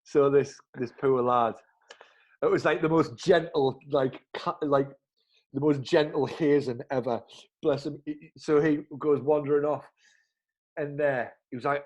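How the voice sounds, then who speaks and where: A man in his thirties with a northern English accent, co-hosting a podcast and telling an anecdote in a lively, chuckling way with local slang. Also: fairly high pitch, moderate pace. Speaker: podcast co-host. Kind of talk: casual storytelling chat.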